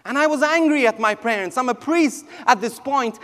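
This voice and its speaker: High-voiced priest in a reverberant hall. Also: male voice, normal speed, few pauses. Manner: emotional storytelling, swinging from hushed to near shouting. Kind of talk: personal testimony talk.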